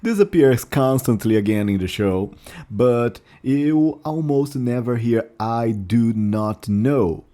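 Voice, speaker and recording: Slow, mellow-voiced male teacher. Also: medium pitch. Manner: slow, careful, repeats phrases to demonstrate. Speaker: English teacher. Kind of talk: language lesson.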